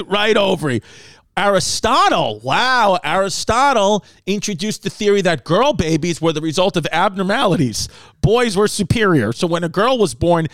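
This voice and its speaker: A brash, foul-mouthed male comedian runs a podcast segment, reading odd facts and riffing on them loudly. His voice sits a bit high for a man. The sound is close and dry, with no room in it. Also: dry recording. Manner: loud, brash, swears a lot, animated voices for others.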